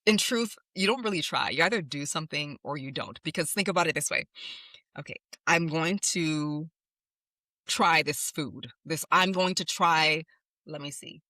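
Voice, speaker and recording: A woman's voice: sits low, normal speed, pushed and bright, no echo. A woman podcast host and communication coach, talking straight to listeners in an emphatic, instructive way. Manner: emphatic, instructive, repeats commands. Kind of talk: direct-address coaching monologue.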